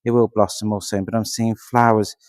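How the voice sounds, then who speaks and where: A man's voice: fairly low pitch, flat delivery, a little fast, darkish tone, no room sound. A man giving a mediumship reading at a service, chatty and laughing easily as he keeps checking he is understood.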